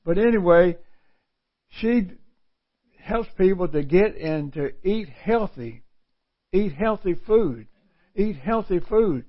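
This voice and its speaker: A man's voice: high-pitched, expressive, takes it slowly, pauses often. A middle-aged man preaching a sermon, reading scripture aloud and explaining it in a folksy way, repeating phrases for emphasis. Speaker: pastor. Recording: dull lo-fi recording.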